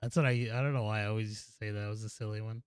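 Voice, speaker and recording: A man's voice: fairly low pitch, fairly even intonation, rapid-fire, clean tone, no room sound, clean studio sound. A young man co-hosting a casual gaming podcast, laid-back and chatty, often saying "dude". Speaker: podcast co-host.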